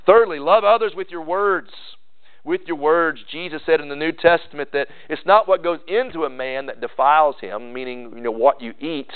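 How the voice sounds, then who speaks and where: Pastor preaching over a tinny line. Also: male voice, fairly high pitch, moderate pace, smooth. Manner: earnest preaching with many restarts and repeated words. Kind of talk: sermon. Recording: tinny phone-like sermon recording.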